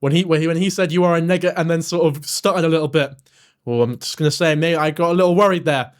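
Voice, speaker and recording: A man reacts to a clip on his live stream. His voice sits high and he talks in animated bursts, swearing freely and often breaking into loud, laughing exclamations. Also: quick pace.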